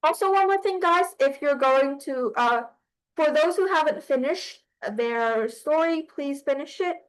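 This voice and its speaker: A young woman teaches a writing lesson in a slightly high voice. She talks at an unhurried pace, stopping often to search for the next word and correct herself. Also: animated, low-quality recording. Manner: explaining slowly with many fillers and restarts. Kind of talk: online class lecture.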